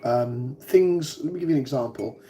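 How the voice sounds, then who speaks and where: A man's voice: mid-range voice, moderate pace, mellow, slight background noise. A man in his forties with a British accent, chatting casually with viewers on a livestream, rambling and hesitant with many ums and restarts. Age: 40s. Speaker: vlogger.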